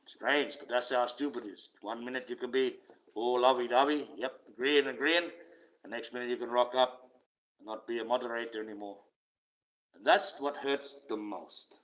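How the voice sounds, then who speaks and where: A man's voice: medium pitch, fairly even intonation, normal speed, a bit bright. An older man with an Australian accent, ranting casually and bitterly, swearing often and laughing wryly. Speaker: online streamer. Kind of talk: casual rant. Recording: slightly dull lo-fi audio.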